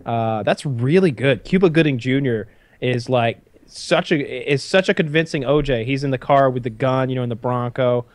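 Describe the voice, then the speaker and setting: A man's voice: mid-range voice, normal speed, darkish tone, no echo. A man in casual chat about TV shows, rambling and swearing casually.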